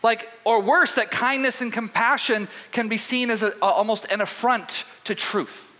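A man preaching a sermon as pastor, telling a story in an animated way with frequent restarts. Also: extremely high pitch, normal speed.

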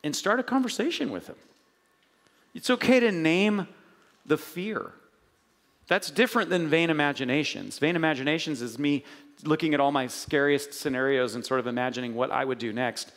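A man's voice: fairly high pitch, moderate pace, a bit bright. A middle-aged male pastor giving a casual, conversational sermon with self-mocking asides to the congregation. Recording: long hall reverb.

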